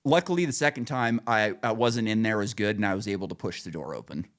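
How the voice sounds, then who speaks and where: A man co-hosting a podcast in casual chat, telling a story with lots of swearing and acting out the voices of the people in it. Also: fast. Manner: profane, animated storytelling; acts out quoted voices, pitching up. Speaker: podcast co-host.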